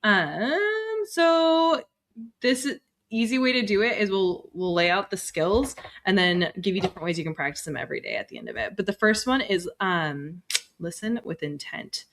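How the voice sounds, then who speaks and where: A woman therapist and mother explaining communication skills in a relaxed, chatty podcast conversation. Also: medium pitch, moderate pace, slight background noise. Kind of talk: casual podcast chat.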